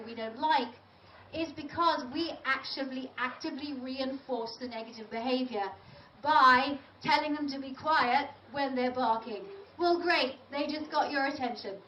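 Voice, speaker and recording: Woman lecturer, high voice, chatty and emphatic, far from the mic, dull boomy sound, faint hiss. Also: fairly bright tone. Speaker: dog trainer giving a lecture. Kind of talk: live lecture to an audience. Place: large event venue. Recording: roomy, distant, dull audio with faint noise.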